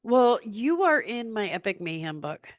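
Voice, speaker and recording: A woman's voice: medium pitch, sing-song, measured pace, dry recording, clean studio sound. A woman author being interviewed, chatty and self-deprecating, laughing often. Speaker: author guest. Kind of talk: casual interview chat.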